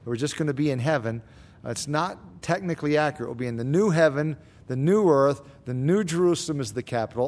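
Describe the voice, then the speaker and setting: A man answering Bible questions as a pastor, explaining scripture in a measured, teaching way. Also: fairly high pitch, a little mellow.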